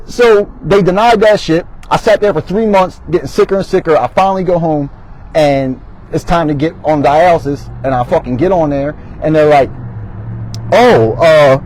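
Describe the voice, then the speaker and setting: A man's voice: fairly high pitch, darkish tone, slight background noise, rough recording. A man, telling his story as a guest in an interview, blunt and heavily profane. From Baltimore, Maryland. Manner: blunt, heavily profane, emphatic street talk.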